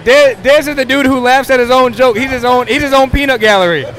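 A man's voice: very high voice, quick pace, a bit bright, a faint crowd. A man roasting another player on a stream, teasing and mocking.

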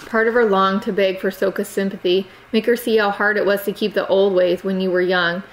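A woman narrating an audiobook chapter in a steady, measured reading. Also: medium pitch, low-quality recording.

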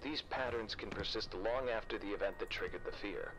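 A man voicing a calm documentary-style game narrator who explains facts in a measured way. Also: on the low side, background noise, natural voice. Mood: informative. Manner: measured, informative.

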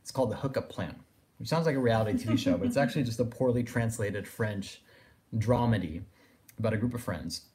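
A man's voice: lowish voice, fairly quick, darkish tone. A man giving a philosophy lecture, thinking aloud and circling his points with phrases like "in a sense". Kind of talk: recorded lecture.

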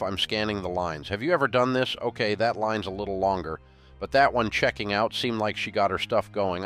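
A man's voice: on the low side, fairly bright tone. A man, giving a joking, down-home sermon-style talk and quoting scripture. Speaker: guest speaker.

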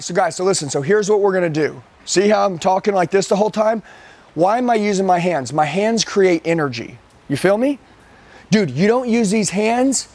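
A man's voice: high-pitched, a little mellow. A man coaching a room of sales trainees live. He talks intensely and emphatically, repeats his points, and often calls people "dude".

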